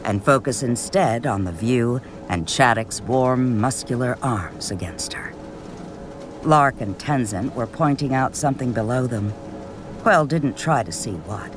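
A man reading a novel aloud in measured scripted narration, lifting his voice for quoted characters. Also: medium pitch, music in the background. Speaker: audiobook narrator.

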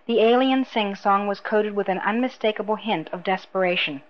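Woman reading a novel out loud, even n measured, kinda muffled sound. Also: mid-range voice. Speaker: audiobook narrator. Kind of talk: scripted narration.

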